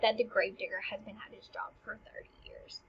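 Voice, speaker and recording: A woman's voice: mid-range voice, fairly even intonation, a little fast, whispered, muffled recording. A woman teacher explaining a play in casual language, paraphrasing each line into plain modern talk.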